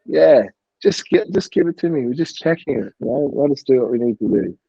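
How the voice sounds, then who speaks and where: A man's voice: medium pitch, expressive, brisk, gravelly, breathy edge, no room sound, muffled recording. A man, a podcast guest and coach, chatting casually and rambling with lots of "like" and the odd swear word. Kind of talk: casual interview chat.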